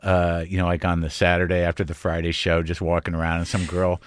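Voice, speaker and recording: A man's voice: sits low, monotone, quick pace, smooth, dry recording. Rambling man with a dry close sound. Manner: rambling storyteller, loose and swearing. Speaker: host, actor. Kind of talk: casual conversation.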